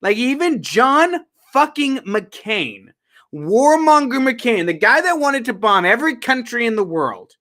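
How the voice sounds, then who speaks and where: A man's voice: very high voice, very animated, measured pace, pushed and bright. A man co-hosting a casual political podcast, talking in a sarcastic, profane way. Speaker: podcast co-host.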